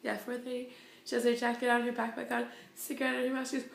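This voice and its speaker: A woman's voice: fairly high pitch, completely flat delivery, quick pace, gravelly. A young woman in her twenties, a volunteer, chatting casually with a wry, offhand way of telling stories. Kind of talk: casual chat. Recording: echoey room.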